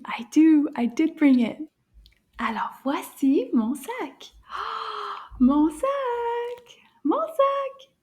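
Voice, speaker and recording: Slow, high-voiced woman teaching small children. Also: warm tone. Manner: gasping, exaggerated wonder, whispers asides, drawn-out repeated words. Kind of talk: slow, playful kids' lesson.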